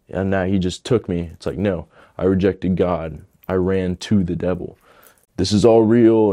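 Low-voiced man telling his testimony. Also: mellow, no echo, studio quality. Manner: emotional, halting storytelling. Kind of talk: personal testimony.

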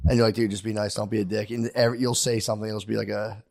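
A male comedian co-hosting a podcast, chatting casually in a rambling, profane way and acting out quotes in animated voices. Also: lowish voice, rapid-fire, gravelly.

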